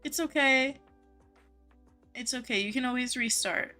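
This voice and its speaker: Bright-voiced young woman streamer chatting. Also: high-pitched, unhurried, faint music behind. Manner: friendly, greets chatters by name, chatty. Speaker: game streamer. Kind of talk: casual live-stream chat reading viewer comments. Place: home office.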